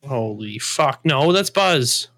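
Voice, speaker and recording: A man's voice: medium pitch, expressive, takes it slowly, a bit bright, no room sound. A man co-hosting a podcast in casual chat, arguing back with disbelief. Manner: incredulous, argumentative banter. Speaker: podcast co-host.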